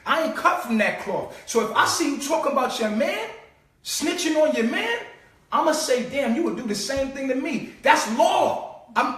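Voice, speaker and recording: Man, high voice, streetwise and profane live-stream host, heard from far off in a roomy space. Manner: streetwise, profane, mocking, swings between low mutters and loud outbursts. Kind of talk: casual live-stream monologue. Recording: echoey room, far from the mic.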